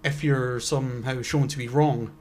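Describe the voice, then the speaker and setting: A young man co-hosting a laid-back podcast. His voice sits in a middle pitch, and he rambles through his thoughts with plenty of fillers and offhand swearing. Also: fairly even intonation, normal speed, darkish tone, slight background noise. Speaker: podcast co-host. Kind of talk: casual chat.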